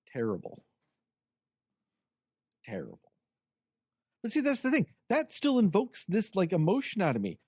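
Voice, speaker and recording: On a podcast, a male co-host with a high-pitched, husky voice tears into a movie during a loose review chat, talking a little fast with few pauses. He's lively, sarcastic, and profane, and the recording is clean studio sound without echo.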